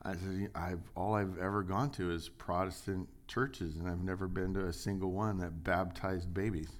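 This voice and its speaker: A man preaching a sermon, reading scripture and acting out quotes, shifting between loud, raised lines and quiet asides. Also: low-pitched, steady tone, moderate pace, few pauses. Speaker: pastor.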